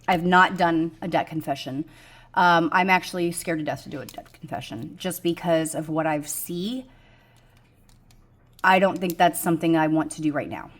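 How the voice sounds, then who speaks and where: A middle-aged woman, chatting frankly about her budget goals, rambling with many ums and poking fun at herself. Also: sits low. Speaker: budgeting vlogger. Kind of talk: casual chat to camera.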